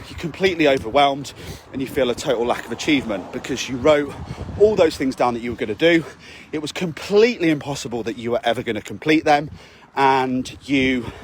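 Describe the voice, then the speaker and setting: Blunt, sweary coach on a walk. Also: male voice, mid-range voice, brisk, slight background noise. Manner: blunt and sweary, keeps checking in with "okay?". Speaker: fitness and mindset coach. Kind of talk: motivational talk to camera. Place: outdoors on a walk.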